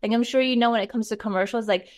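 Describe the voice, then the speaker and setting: A woman filmmaker chatting as podcast co-host, enthusiastic and quick to react. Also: fairly high pitch. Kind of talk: casual podcast chat.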